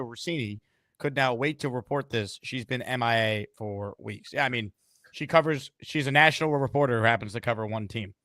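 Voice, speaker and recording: A man's voice: mid-range voice, fairly bright tone, no echo, clean studio sound. A man hosting a casual sports talk show, laid-back and wry, reading out viewer messages. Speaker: show host.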